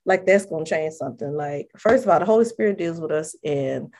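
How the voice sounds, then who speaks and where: A woman in casual conversation about prayer, animated and expressive, acting out prayers with big jumps in her voice. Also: fairly quick. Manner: animated, acts out prayers with big pitch jumps, laughs often. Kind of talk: casual faith chat.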